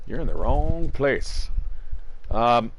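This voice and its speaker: A man's voice: mid-range voice, sing-song, slow, slight background noise, low-quality recording. A man giving casual gameplay commentary, chatty and talking straight to his viewers, cursing now and then. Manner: chatty, addresses viewers as guys, swears casually. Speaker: gamer.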